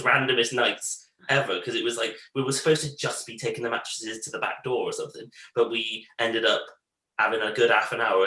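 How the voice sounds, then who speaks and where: Bright-voiced man telling stories. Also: mid-range voice, reverberant, poor audio. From Bristol, England. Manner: animated anecdotes, acts out family quotes. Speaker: podcast co-host. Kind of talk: casual storytelling chat.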